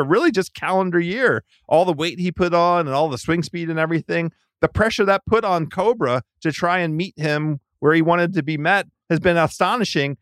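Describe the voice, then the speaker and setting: A man's voice: on the high side, a bit bright, no echo, clean studio sound. A man as a podcast guest in casual sports chat, rambling and restarting his sentences often. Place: Washington DC.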